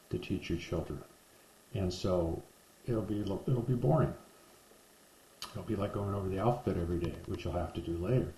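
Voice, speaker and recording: A man giving a parenting lesson to camera, slowly drilling speech sounds one by one, recorded with poor sound in an echoey room. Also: low-pitched, mellow, a little hiss or hum. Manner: slow, deliberate, repetitive drilling of speech sounds. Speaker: parenting educator. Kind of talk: instructional talk to camera.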